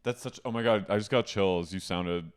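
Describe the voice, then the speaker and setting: A man co-hosting a casual podcast, campy and animated, often mimicking people in a high mock voice. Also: moderate pace, clean tone. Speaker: podcast co-host. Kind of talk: casual chat.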